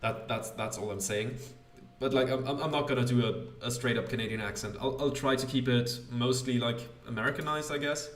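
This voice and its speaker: Rambling self-deprecating let's play host. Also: male voice, mid-range voice, fairly quick, echoey room. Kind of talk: casual gameplay commentary.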